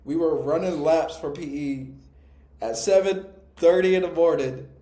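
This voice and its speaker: A young man chats casually on a podcast, his voice mellow and soft-edged. He talks in a laid-back, slangy, thoughtful way. The room adds a noticeable echo around him. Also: on the high side, measured pace. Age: young adult. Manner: relaxed, slangy, reflective. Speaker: podcast co-host. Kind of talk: casual storytelling.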